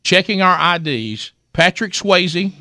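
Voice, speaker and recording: A man, hosting talk radio and telling a funny story, animated and self-mocking. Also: sits high, slow, very noisy.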